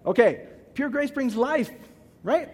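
A man's voice: very high voice, lively intonation, slow pace, a little mellow, breathy edge. A middle-aged male pastor giving a rambling, joking sermon, often asking the crowd if it makes sense. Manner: rambling, self-mocking, often asks the crowd. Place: church hall. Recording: hall reverb.

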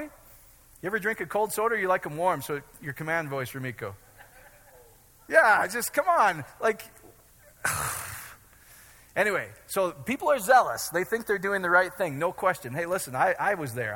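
Joking, bright-voiced preacher man in a hall. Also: high voice, animated, normal speed, pauses often. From Iowa. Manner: joking, chatty, keeps checking in with the audience. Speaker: pastor. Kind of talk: casual sermon. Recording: long hall reverb.

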